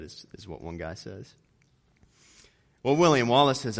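A man preaching a sermon, reading scripture and building to loud emphatic peaks before dropping low on key words. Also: expressive, normal speed.

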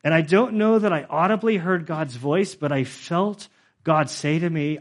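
A man's voice: fairly high pitch, moderate pace. A middle-aged male pastor giving a conversational sermon, with frequent fillers, who grows emotional as he goes.

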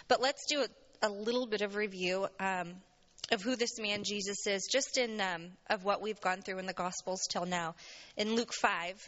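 Woman preacher, heartfelt and emotional, bright tone, muffled lo-fi church recording. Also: mid-range voice. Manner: earnest, emotional, voice rising when moved. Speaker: church speaker. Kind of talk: sermon. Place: church sanctuary.

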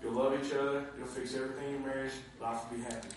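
A man preaching a sermon to a responding congregation, swinging between quiet asides and shouted high points. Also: fast talker, a little hiss or hum. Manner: animated, swinging from low asides to shouted climaxes. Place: church sanctuary with congregation. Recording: very echoey hall, mic from far off.

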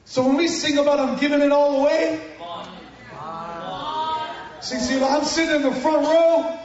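Man telling his testimony from the pulpit, lively, shouty at times, dull muffled sound, big echo. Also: very high voice, moderate pace, crowd noise. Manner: animated storytelling, bursts into shouts, banters with the audience. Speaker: guest preacher giving testimony. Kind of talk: sermon testimony to a congregation. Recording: echoey hall from far off, dull sound.

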